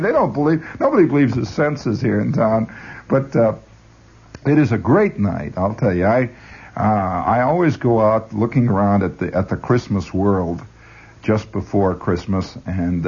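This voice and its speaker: Husky, rambling male radio host. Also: mid-range voice, a little mellow. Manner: stammering restarts, chuckling asides. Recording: dull lo-fi radio recording.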